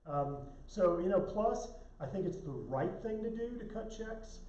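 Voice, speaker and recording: A man's voice: high voice, animated, unhurried, mellow. A man, an elected official answering viewer questions in a live-stream Q&A, talking bluntly and emphatically and often restarting his sentences. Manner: blunt, emphatic, self-correcting. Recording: roomy, slightly dull audio.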